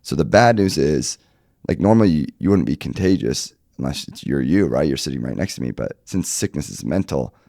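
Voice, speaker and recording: A man in his thirties co-hosting a casual podcast while sick, his voice gone deep, trolling in a deadpan way with lots of "right?". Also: a little fast, vocal fry, no echo, studio quality. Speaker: podcast co-host. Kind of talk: casual chat.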